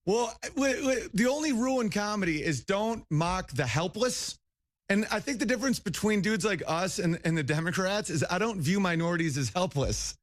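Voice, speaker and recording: Brief: rambling male comic on a talk show, high voice. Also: animated, moderate pace. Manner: loose, rambling, laughing asides. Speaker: comedian guest. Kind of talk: casual interview chat.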